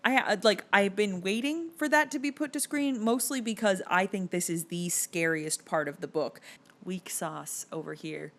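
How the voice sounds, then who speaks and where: A woman's voice: medium pitch, moderate pace, few pauses, fairly bright tone. A woman giving sardonic, exasperated commentary for a video essay that reviews a film.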